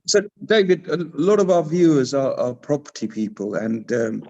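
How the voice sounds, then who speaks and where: A man's voice: medium pitch, very animated, normal speed, creaky, a little mellow. A man hosting a live video-call interview, putting a question to his guest with hesitant rephrasing. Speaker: host. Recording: dull, lo-fi video-call audio.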